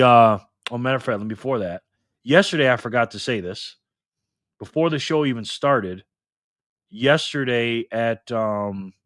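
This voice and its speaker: A man's voice: lowish voice, fairly bright tone, no echo, studio quality. A man hosting a casual live stream, joking and chatty as he reads donations and chat messages aloud. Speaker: livestream host.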